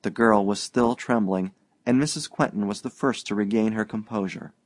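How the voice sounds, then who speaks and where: A man narrating an audiobook in a steady, even-paced reading. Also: fairly low pitch, normal speed.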